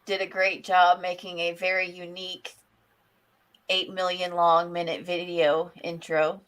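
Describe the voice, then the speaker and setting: A woman co-hosting a casual live-stream chat, sarcastic and quick to swear. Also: on the low side, flat delivery, fairly bright tone.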